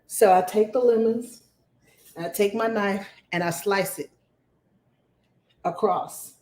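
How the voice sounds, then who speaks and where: A woman, talking casually to camera in a rambling, animated way, her voice still a little hoarse from laryngitis. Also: mid-range voice, slow, slight background noise. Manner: rambling, animated storytelling with restarts. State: recovering from laryngitis, slightly hoarse. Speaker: vlogger. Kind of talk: casual chatty talk to camera.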